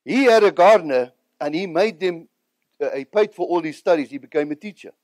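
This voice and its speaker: A man's voice: fairly high pitch, lively intonation, fairly quick, a little mellow, dry recording. A South African man, an evangelist, telling his personal testimony in an earnest, emotional way.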